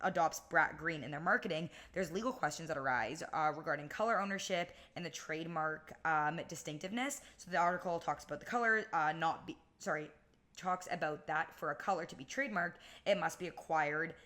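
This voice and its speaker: A woman's voice: sits low, fairly quick, a bit bright. A young woman co-hosting a casual podcast as a law student, chatty and upbeat, with a lot of "like" in her speech. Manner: chatty, upbeat, heavy use of "like".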